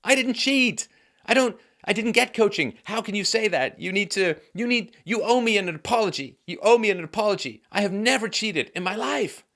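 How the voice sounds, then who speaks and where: A man's voice: medium pitch, big pitch swings, normal speed, a bit bright, pitched above the performer's own voice. A man impersonating an indignant woman athlete who demands an apology, in an insistent, repetitive voice. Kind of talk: impression within commentary.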